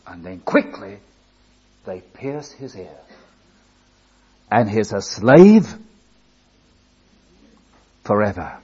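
An older man preaching a sermon, telling a story slowly and building to emphatic appeals. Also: on the low side, sing-song, warm tone, lo-fi sound. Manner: slow, deliberate storytelling with rising emphatic appeals.

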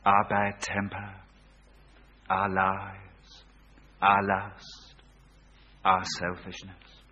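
A man preaching a sermon, swinging from hushed, quiet lines to loud, ringing ones. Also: low-pitched, completely flat delivery, drawn-out words, long pauses. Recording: dull lo-fi recording.

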